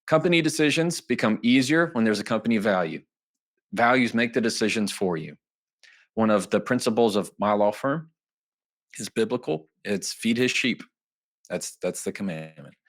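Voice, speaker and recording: A man, a lawyer guest on an interview show, explaining his ideas in a lively way and often acting out little quoted exchanges. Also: fairly low pitch, normal speed. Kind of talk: interview answers, explaining and teaching.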